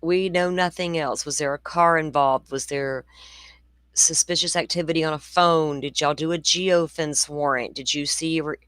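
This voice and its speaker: A woman's voice: low voice, steady tone, normal speed, a bit bright, clear, resonant tone, dry recording. A woman in her forties hosting a true crime show, talking in a chatty, blunt way with rambling asides. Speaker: true crime podcast host. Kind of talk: casual livestream commentary.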